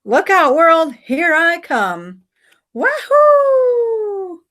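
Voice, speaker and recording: A woman's voice: high voice, a little slow, fairly bright tone, voice pushed up. A woman voicing a boastful young boy racing downhill, cocky and whooping.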